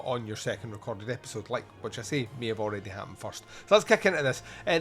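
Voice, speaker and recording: A man's voice: mid-range voice, a bit bright. Laughing, chatty male podcast host. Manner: chatty, laughs often, frequent restarts. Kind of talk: casual film review chat.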